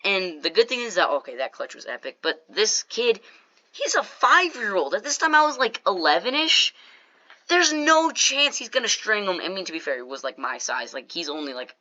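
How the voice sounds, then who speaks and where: Over gameplay footage, a YouTuber with a mid-range voice tells a casual story, animated and jokey, tossing quick asides to viewers. The audio is lo-fi.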